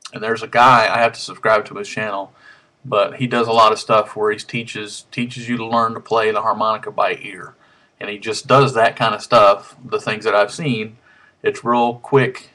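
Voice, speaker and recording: In a rambling webcam vlog from a room at home, a male harmonica hobbyist keeps saying um and restarting, slightly out of breath. His voice sits on the low side, bright and forceful.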